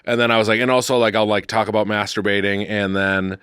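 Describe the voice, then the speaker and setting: A man's voice: lowish voice, little pitch movement, fast, a bit bright, smooth, dry recording, studio quality. A man co-hosting a podcast in casual chat, loose and rambling, poking fun at himself. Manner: loose, rambling, self-mocking. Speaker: podcast co-host. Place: podcast studio.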